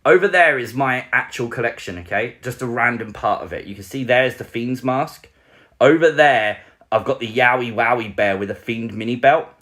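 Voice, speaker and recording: A young man from Britain hosting a casual live stream, excitably reading out and answering viewer comments. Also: mid-range voice, moderate pace. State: recovering, a little sore.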